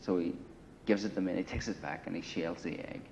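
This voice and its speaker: In a grungy apartment, a man with a low, steady, creaky, darkish voice rattles off a long war story at a quick pace. He rambles and swears, saying "you know" and "right" constantly, on dull lo-fi 1980 film audio with a little hiss or hum.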